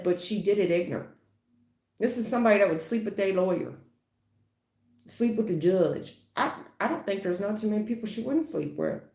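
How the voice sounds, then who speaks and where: Woman, tarot reader on a live stream; blunt, emphatic, salty, mid-pitched, in a roomy space. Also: a little mellow. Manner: blunt, emphatic, swears casually. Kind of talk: livestream tarot reading.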